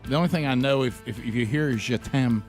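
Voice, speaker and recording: A man's voice: medium pitch, brisk, over music. A man hosting a radio talk show, chatting casually and joking with his co-hosts. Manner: chatty, laughing, jokey.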